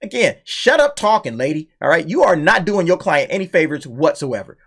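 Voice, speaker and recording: Male commentary host, fairly high voice, blunt and mocking, casual reaction talk. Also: big pitch swings, fairly quick, vocal fry, fairly bright tone. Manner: blunt and mocking, laughs often, repeats "okay?" and "all right?".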